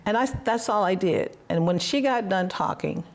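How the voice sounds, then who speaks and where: A woman hosts a heartfelt conversational interview for a podcast, sharing reflective stories and encouraging her guest with affirming questions. Her voice is mid-range and her pace moderate.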